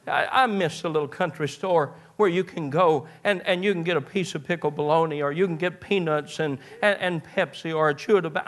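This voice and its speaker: A man's voice: on the high side, a little fast, hardly any pauses, fairly bright tone. A man, preaching a sermon in a folksy storytelling way, often restarting his words. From eastern Kentucky. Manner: folksy storytelling with repeated stammered starts.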